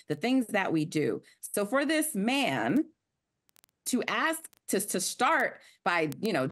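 A woman co-hosting a sports talk show, speaking in an animated, halting way with lots of fillers. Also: mid-range voice. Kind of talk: studio discussion.

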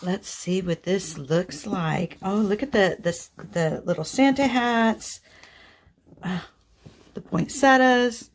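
A woman's voice: medium pitch, slow pace. Gushing, chatty woman crafting vlogger. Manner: chatty and gushing, excitable exclamations. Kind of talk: casual unboxing chat.

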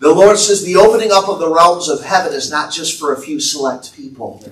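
A man preaching a prophetic sermon from the pulpit, slowly declaiming words he says he heard from the Lord. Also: a little high. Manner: slow, declaiming prophecy in the Lord's voice with rising intensity. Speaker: pastor. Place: church sanctuary. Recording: echoey church from far off.

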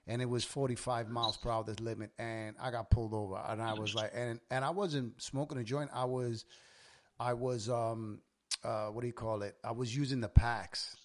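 A man's voice: mid-range voice, normal speed. A man, hosting a casual podcast and telling stories with lots of swearing. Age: 40s. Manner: swears often, animated storyteller. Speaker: podcast host. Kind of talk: casual chat.

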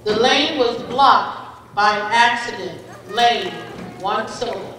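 A woman reading spelling words, definitions and example sentences to children at a school spelling bee, speaking deliberately and kindly over a microphone. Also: fairly high pitch, fairly bright tone, slight background noise. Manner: slow, deliberate word reading, kind to children. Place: school event hall. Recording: echoey hall from far off.

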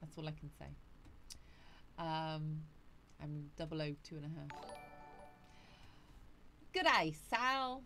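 Chatty woman, lowish voice. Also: completely flat delivery, normal speed, pauses often, a little mellow, soft background music. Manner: chatty and breezy, greets viewers by name, laughs often. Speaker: livestreamer. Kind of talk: casual live chat reading out viewer comments.

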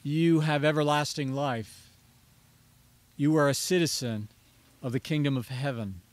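A man's voice: on the high side, fairly even intonation, measured pace, no room sound. A man preaching a sermon as pastor, earnest and rising to emphatic pleading on key phrases.

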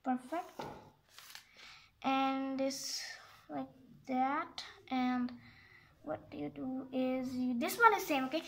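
A woman who makes math tutorials walks through a geometry exercise step by step, rambling casually and often stopping to correct herself and apologize. Her voice is high, bright, and forceful in tone.

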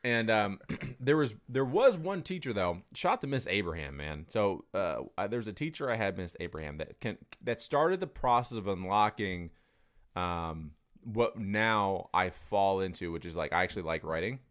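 A man's voice: fairly low pitch, animated, moderate pace, a bit bright. A young adult man in casual conversation, talking candidly and rambling, swearing freely as he tells stories.

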